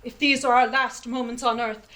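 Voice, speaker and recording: A woman's voice: fairly high pitch, level tone, moderate pace, bright, forceful tone. A woman playing a prim, earnest museum lady, in 1940s radio serial style.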